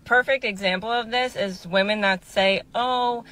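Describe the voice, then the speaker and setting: Bright, assertive opinion commentator. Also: mid-range voice, fairly even intonation, normal speed, rough recording. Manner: assertive, lecturing delivery. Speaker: commentator in a played video.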